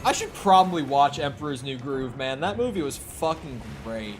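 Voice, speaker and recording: A man's voice: mid-range voice, lively intonation, normal speed, a little hiss or hum. A man chatting casually with viewers during a live gaming stream, rambling and swearing freely. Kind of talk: casual live-stream chat while playing.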